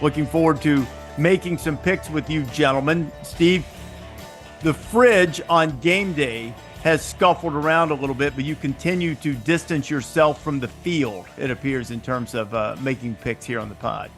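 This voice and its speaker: A man's voice: on the high side, normal speed, a bit bright, soft background music. A man hosting a casual sports podcast, chatting and telling stories with easy laughs. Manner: chatty storyteller, laughs easily. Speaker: podcast host.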